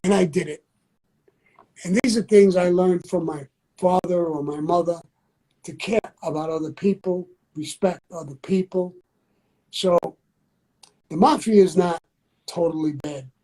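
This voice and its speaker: An older man with a mellow, warm voice. He speaks bluntly in a loose, conversational interview style, circling back and repeating his points. His pitch sits a little high for a man. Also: measured pace, pauses often, low-quality recording. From New York. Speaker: interview guest. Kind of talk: candid interview talk.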